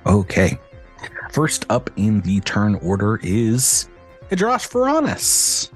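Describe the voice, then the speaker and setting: A male game master narrates a tabletop session over a video call. His voice sits low but swings widely in pitch, and he laughs easily between rulings. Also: huge pitch swings, slow pace, soft background music.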